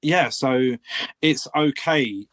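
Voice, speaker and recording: An earnest man co-hosting a casual podcast, speaking openly about his feelings. His voice sits at an ordinary pitch and the recording is dry and close, with no room sound. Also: very slow, fairly bright tone, no echo. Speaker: podcast co-host. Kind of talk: casual chat. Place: home room.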